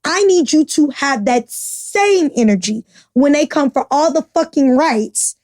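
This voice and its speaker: Woman podcast co-host, high register, fired-up and blunt, swears a lot; dry, close mic. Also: animated, a little slow, a little mellow, no room sound. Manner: passionate, blunt, swears freely. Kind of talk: casual opinionated chat.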